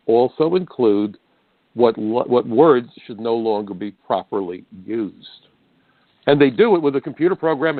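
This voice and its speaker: A man's voice: medium pitch, dry recording. An older man from the United States, hosting a talk radio show and delivering an emphatic, indignant monologue straight to the listeners. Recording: dry, phone-like narrow band.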